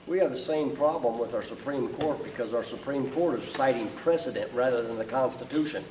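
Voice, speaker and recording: A man in the audience makes an assertive remark from far off in an echoey room. Background noise is clearly heard around him. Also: mid-range voice, a little fast. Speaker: audience member.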